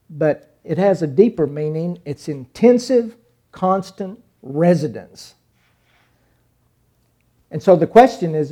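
A middle-aged man preaching a sermon, dramatic, swinging from hushed lines to sudden loud cries as he acts out scenes. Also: a little high.

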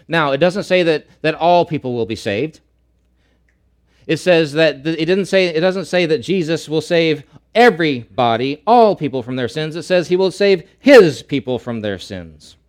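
Man, pastor, sermon, loud emphatic repeats, drops to slow hushed lines. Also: on the high side.

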